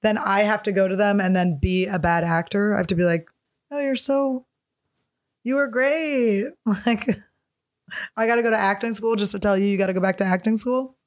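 Talking fast with few pauses, a woman comedian rambles through a casual solo podcast chat, hopping from topic to topic and swearing freely. Her voice is medium-pitched with fairly even intonation.

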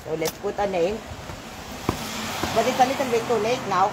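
A woman's voice: mid-range voice, lively intonation, normal speed, very noisy. A woman vlogging outdoors in the rain, talking to herself, grumbling and swearing now and then. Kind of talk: casual vlog outdoors.

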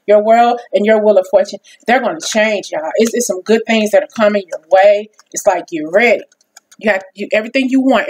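A woman's voice: medium pitch, a little mellow. A woman giving a casual tarot reading, folksy and repeating her phrases for emphasis. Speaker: tarot reader.

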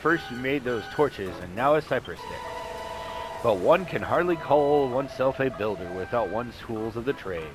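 A man voicing a haughty, condescending figure with a prim, drawn-out way of speaking over game music. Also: medium pitch, animated, close to an everyday voice, low-quality recording.

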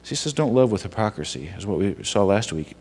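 Low-voiced man preaching in a reverberant church. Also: big pitch swings, a little mellow, slightly rough. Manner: conversational, halting, with many restarts and asides. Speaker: guest preacher, son of the pastor. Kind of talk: casual sermon with scripture reading. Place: church sanctuary.

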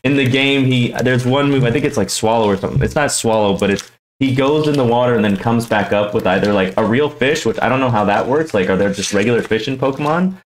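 A young man hosting a casual card-opening vlog, slangy and excitable, tossing "yo" into his talk. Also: medium pitch, quick pace, reverberant, rough recording. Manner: excitable, slangy, says "yo" a lot. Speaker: YouTube card-opening host.

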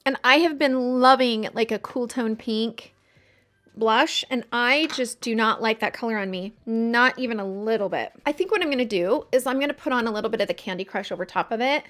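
A woman's voice: a little high, a little fast, fairly bright tone. A woman chatting casually while doing her makeup for a get-ready-with-me video, chatty and self-mocking. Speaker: beauty vlogger.

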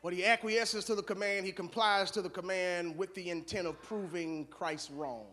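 A man preaching a sermon as pastor, moving from low conversational asides to loud shouted call-and-response. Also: fairly even intonation, moderate pace.

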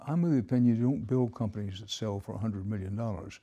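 A man interviewing a guest, asking measured, admiring questions. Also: lowish voice, dark tone, slightly rough, highs cut off.

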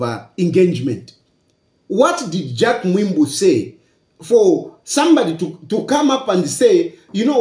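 A man's voice: high voice, very animated, measured pace, warm tone, echoey room. A Zambian man giving casual political commentary, emphatic and repetitive, full of rhetorical questions.

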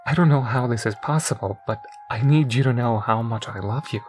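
A man's voice: medium pitch, a little fast, a little mellow, soft background music, close to an everyday voice. A man voicing a remorseful, grieving man who pleads desperately, his voice breaking. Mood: desperate pleading.

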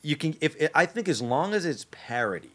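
A man with a Boston accent, a voice actor chatting casually as a podcast guest and often slipping into other voices. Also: a little high. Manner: animated, quick to slip into voices.

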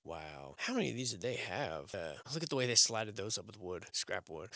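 A man's voice: on the low side, normal speed, few pauses, no room sound. A man giving casual, sarcastic commentary on old photos, cursing freely. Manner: animated, sarcastic, swearing. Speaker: video host.

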